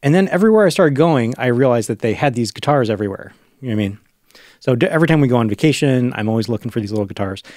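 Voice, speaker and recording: A man's voice: mid-range voice, expressive, racing, darkish tone, dry recording, studio quality. A middle-aged man co-hosting a podcast, chatty and full of anecdotes and asides. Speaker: podcast co-host. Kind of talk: casual chat.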